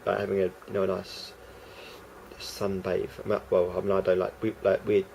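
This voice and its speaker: A man's voice: low voice, monotone, moderate pace, vocal fry, darkish tone, a little hiss or hum. A man rambling through a casual vlog monologue, hesitant and full of restarts and fillers. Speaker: vlogger.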